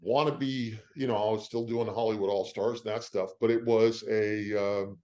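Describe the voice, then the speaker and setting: An older man, an actor, being interviewed and telling animated stories about his career, acting out what other people said. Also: on the low side, normal speed. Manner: animated storyteller who acts out the quoted lines of others. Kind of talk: casual interview storytelling.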